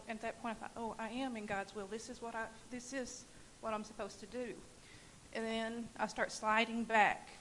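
At a church service, a woman gives a personal testimony, telling her story animatedly and laughing at times. Her pitch is fairly high, and the audio is poor with a faint hiss.

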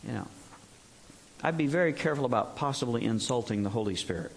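A man's voice: medium pitch, expressive, quick pace, vocal fry, a little hiss or hum. A middle-aged man preaching a sermon in a plain conversational way, joking and sometimes mimicking others in exaggerated bursts. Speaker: pastor.

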